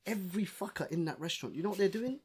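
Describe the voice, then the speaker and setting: A man's voice: high-pitched, very fast, a little hiss or hum. A young man, a podcast guest ranting in casual chat, swearing and saying bro a lot. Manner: animated, swears a lot, says bro often.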